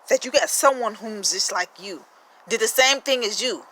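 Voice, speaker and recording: A woman with a fairly high, bright and forceful voice delivers a rambling spiritual monologue to camera. She fires off rhetorical questions and peppers her talk with profanity. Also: normal speed, a little hiss or hum, low-quality recording. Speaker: spiritual vlogger.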